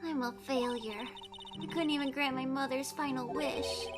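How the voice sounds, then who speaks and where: A woman's voice: high voice, steady tone, moderate pace, lightly acted. A woman voicing an earnest, timid little girl while reading game dialogue aloud, in a small, sincere, childlike delivery. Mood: sad. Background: lofi background music.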